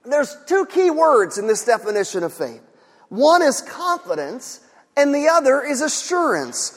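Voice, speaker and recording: High-voiced male pastor preaching in a hall. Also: very animated, unhurried. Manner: earnest, repeats key phrases for emphasis. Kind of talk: sermon.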